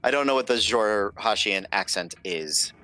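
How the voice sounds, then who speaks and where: Bright-voiced man running a tabletop game. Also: on the low side, animated, normal speed. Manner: loose, apologetic, lots of fillers. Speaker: game master.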